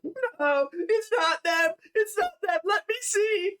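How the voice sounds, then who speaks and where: A game master voicing a distraught middle-aged mother begging for news of her sons, his voice pushed very high and pleading. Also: lively intonation, slow pace, a bit bright, heavily acted. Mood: frantic pleading. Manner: pleading, rising to a high wail. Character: grieving middle-aged mother, frantic and tearful.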